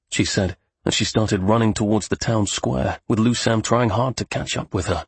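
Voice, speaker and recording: A man narrating a fantasy story at a steady, measured pace. His voice is very husky with a gravelly rasp, recorded close and dry. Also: lowish voice, no room sound. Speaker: audiobook narrator.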